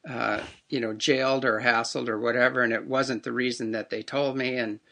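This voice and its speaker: A man hosts the conversation with a bright, forceful voice, reflecting easily and agreeing with his guest. His pitch sits in an ordinary middle range. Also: little pitch movement, fairly quick, creaky. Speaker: host. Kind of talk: casual interview talk.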